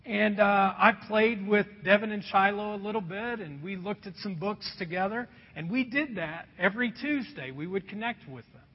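A man preaching a sermon as pastor, telling stories with lively energy and dropping to a hush at times. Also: high voice, moderate pace, hardly any pauses, breathy edge. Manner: animated storytelling, drops to a hush. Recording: dull sound with long hall reverb.

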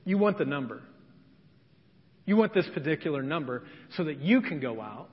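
A worried old general pleads in a hushed, low voice, urging his childhood friend to stop, as a preacher puts him on. The tone drops deep and soft, ringing through a large echoing hall. The sound is a little dull. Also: big pitch swings, normal speed. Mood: pleading. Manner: soft, urgent begging. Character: pleading male army general, lifelong friend.

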